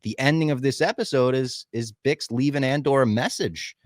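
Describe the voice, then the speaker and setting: A man's voice: mid-range voice, moderate pace, dry recording, clean studio sound. A man in casual podcast chat, talking with enthusiasm, swearing freely and acting out lines he quotes. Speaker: podcast co-host.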